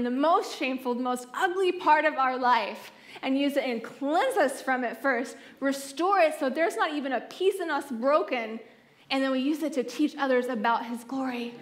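A woman in her thirties giving a personal testimony talk at a conference, telling her story in an animated way and acting out the voices of the people in it. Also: sits high. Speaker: conference speaker. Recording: echoey hall sound.

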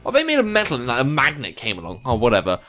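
Excitable man doing jokey game commentary. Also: mid-range voice, rapid-fire, soft background music. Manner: jokey, excitable, sing-song asides. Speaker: let's play host. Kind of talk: game commentary, reading dialogue aloud.

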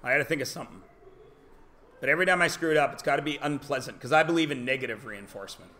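A man's voice: mid-range voice, racing, pushed and bright. A male teacher giving a joking, self-deprecating classroom lecture to his students.

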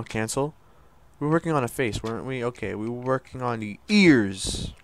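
A young man talks through a video game as he plays, half-mumbling and joking to himself. His voice sits at an ordinary middle pitch, in casual, unscripted gameplay commentary. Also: animated, moderate pace, vocal fry, slight background noise. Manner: mumbling, joking running commentary while playing. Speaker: gaming YouTuber.

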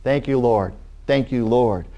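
A middle-aged man preaching a sermon, animated, acting out the people in his stories. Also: a little slow, dull audio. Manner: animated, acting out quoted people in raised pitch.

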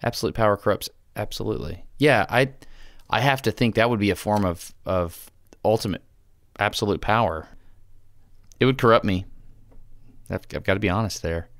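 Low-voiced, earnest male podcast host. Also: normal speed, pauses often, a bit bright, dry recording. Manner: earnest, hesitant restarts. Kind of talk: casual chat.

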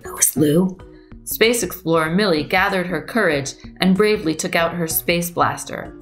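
A woman reading a story aloud to children and then showing a craft, gentle, clear and patient. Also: lowish voice, normal speed, soft background music. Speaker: museum storyteller and craft presenter.

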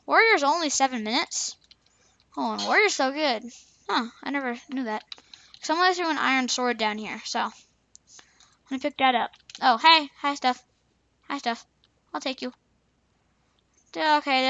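A woman's voice: high voice, pushed and bright, dull audio. A young woman casually commenting on her gameplay, playful and chatty, repeating teasing taunts. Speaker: gaming channel host.

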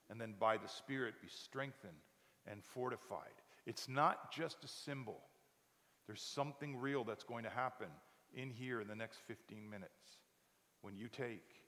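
A male pastor delivers a sermon in a church sanctuary, impassioned and swinging from loud to hushed. His voice sits at an ordinary middle pitch for a man. A long hall reverb hangs behind every phrase. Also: unhurried.

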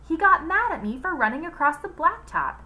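A woman's voice: very high voice, sing-song, a little fast, sharp tone, voice pushed up, heavily acted. A woman doing a whiny complaining schoolboy.

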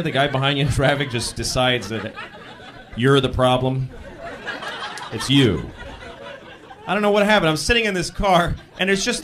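A man performing a stand-up comedy routine, telling exasperated stories and bursting into shouted acted-out lines. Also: medium pitch. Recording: live club with laughing crowd.

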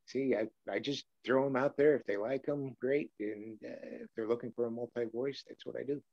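A man's voice: mid-range voice, steady tone, normal speed, gravelly, darkish tone, dry recording, dull audio. A male voice actor from Brooklyn, New York, telling rambling stories with chuckles and many fillers in a casual interview. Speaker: voice actor guest.

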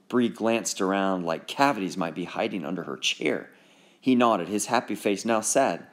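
A man reading a children's book aloud in an expressive, animated narration. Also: on the low side, measured pace. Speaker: audiobook narrator.

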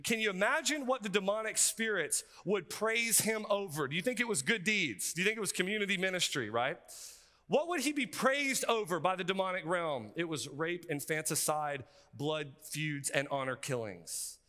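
A male pastor, preaching a sermon in an energetic, conversational way with frequent asides. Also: sits high, normal speed. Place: seminary chapel. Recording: reverberant hall.

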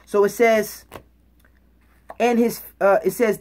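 A woman's voice: medium pitch, animated, normal speed. A woman teaching the Bible in an emphatic preaching style, reading verses aloud and checking in with her listeners after each point. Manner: emphatic, checks in with "okay?" and "all right?"; reads scripture aloud and explains words.

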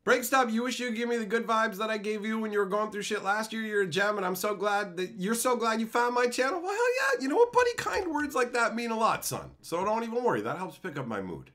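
A rowdy male streamer rambles to his live chat, swearing freely and laughing often. His pitch swings widely. His tone is bright and forceful. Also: expressive. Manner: rowdy, swearing, quick to laugh, calls viewers bro and son. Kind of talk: casual profane stream chat.

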